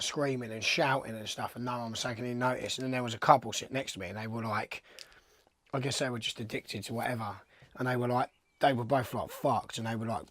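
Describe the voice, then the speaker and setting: With no room sound on the recording, the young skateboarder's mid-range voice carries his loose, meandering anecdotes. It's a casual storytelling interview, and he curses freely throughout.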